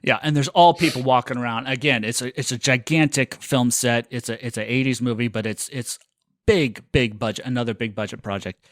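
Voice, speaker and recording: A man co-hosting a podcast, telling a long rambling story in a self-mocking, animated way. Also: medium pitch, a little fast, dry recording. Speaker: podcast co-host. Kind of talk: casual storytelling chat.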